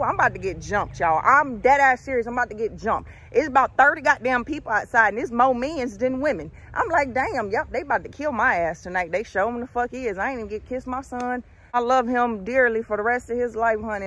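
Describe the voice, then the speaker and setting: A woman in her thirties tells a story in a casual outdoor vlog, her voice a little high. She's animated and profane, calling her viewers honey and y'all.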